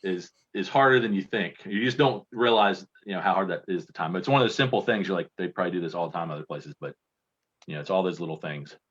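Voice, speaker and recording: A man from Kentucky talking in a fairly low voice, telling loose, self-deprecating stories as an interview guest. His sound is dull and lo-fi, as over a video call. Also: fast, fairly bright tone, breathy edge. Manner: rambling, self-deprecating storyteller. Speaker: guest contest entrant. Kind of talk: casual interview chat.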